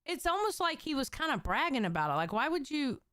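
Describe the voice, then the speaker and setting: A woman's voice: sits high, sing-song, fairly quick, fairly bright tone, dry recording, clean studio sound. A woman streamer reacting casually, loose and profane, often repeating herself. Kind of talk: casual live-stream commentary.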